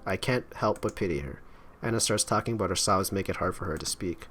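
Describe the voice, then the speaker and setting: A man's voice: sits low, fairly quick, fairly bright tone, slight background noise. A man hosting a game playthrough, reading the dialogue aloud dramatically and breaking off for wry comments. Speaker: let's play host.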